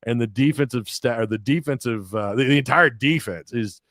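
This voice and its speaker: A man hosting a casual sports talk show, animated and quick to laugh. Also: medium pitch, no echo, clean studio sound. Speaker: podcast host.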